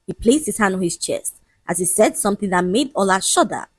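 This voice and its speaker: A woman narrates a dramatic folk tale, her pitch rising and falling in an animated way. Her voice is husky and slightly breathy. It is recorded close and dry, with no room sound. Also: brisk, no room sound. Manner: lively, expressive storytelling. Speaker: storyteller.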